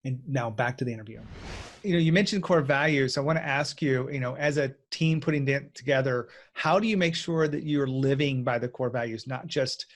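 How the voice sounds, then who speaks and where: A man hosting a business podcast, giving short commentary and asking his guest questions in a measured way. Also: medium pitch. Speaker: podcast host. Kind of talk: interview host with solo commentary.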